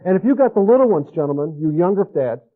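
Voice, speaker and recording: A man with a somewhat high voice delivers an earnest sermon to fathers. He urges and repeats his key lines. The sound is thin and tinny, like audio from an old phone line. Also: lively intonation, fast talker. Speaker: speaker teaching fathers.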